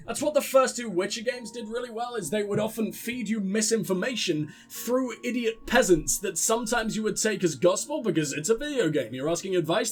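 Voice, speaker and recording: Young male gamer, high-pitched, sardonic and profane, casual playthrough commentary over light game music. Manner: sarcastic, swears often. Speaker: let's play gamer.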